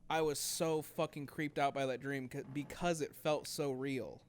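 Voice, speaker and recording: A man's voice: mid-range voice, fairly even intonation, normal speed, slight background noise. A young man telling a story in casual podcast chat, rambling with many fillers and acting out quotes. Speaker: podcast co-host.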